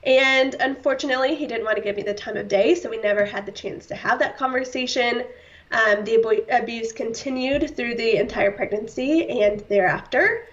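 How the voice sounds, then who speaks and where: A woman's voice: fairly high pitch, brisk. A woman guest on a podcast, telling a hard personal story in an earnest, heartfelt way, with many fillers and the odd short laugh. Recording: slightly distant, dull-sounding.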